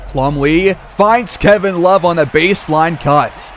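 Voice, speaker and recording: A man's voice: fairly high pitch, a little slow, slight background noise. A man calling a simulated basketball game play-by-play like a sportscaster, with casual asides. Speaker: gaming video creator.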